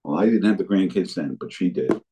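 An older man shares his recovery story with earnest conviction. He recounts remembered conversations in a deep, dark, husky voice. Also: expressive, brisk, rough recording. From New Jersey area. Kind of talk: personal testimony talk.

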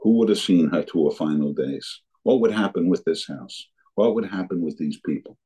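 Older man, deep low voice, husky, earnest personal recovery story. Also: moderate pace, dark tone, low-quality recording. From New Jersey area. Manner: earnest storytelling, acting out remembered dialogue. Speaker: speaker sharing his recovery story. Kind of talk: personal testimony talk.

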